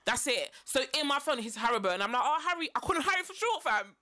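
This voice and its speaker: A woman co-hosts a casual podcast, spinning stories at a rapid clip. Her bright, high voice swings widely as she plays both sides of every exchange and breaks into laughter. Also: very animated. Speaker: podcast co-host. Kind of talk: casual storytelling chat.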